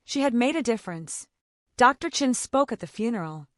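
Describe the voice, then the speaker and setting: A woman narrating an emotional story in a measured, heartfelt way. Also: fairly high pitch, animated, no room sound, studio quality.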